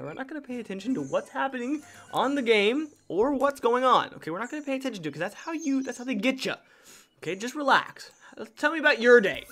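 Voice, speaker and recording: A man gives casual, jokey gameplay commentary, talking to the game as if it could hear him. His pitch swoops up and down all the time. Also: quick pace, faint music behind. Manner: animated, jokey, talks to the game pieces. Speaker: gaming YouTuber.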